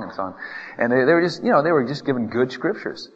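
A man's voice: mid-range voice, lively intonation, fast talker. A man preaching a conversational sermon to a congregation, acting out complaints in the first person and chuckling often. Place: church hall with a congregation. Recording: dull lo-fi sound with long hall reverb.

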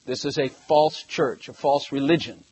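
An older man with a husky voice giving a rambling, emphatic Bible class, reading scripture and commenting, sometimes rising to loud bursts. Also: medium pitch, steady tone, normal speed, dry recording, low-quality recording. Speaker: Bible teacher. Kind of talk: conversational sermon, reading scripture.

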